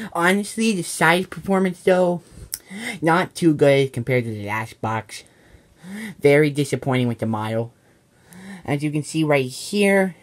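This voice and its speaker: A man acting a home-made skit in a casual, mumbling way, with frequent sighs. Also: fairly high pitch.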